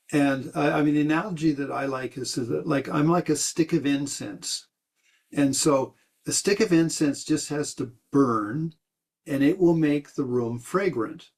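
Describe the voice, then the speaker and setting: A man's voice: fairly high pitch, darkish tone. Man giving a rambling meditation talk. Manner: rambling, many restarts and fillers. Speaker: meditation teacher. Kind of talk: dharma talk answering questions.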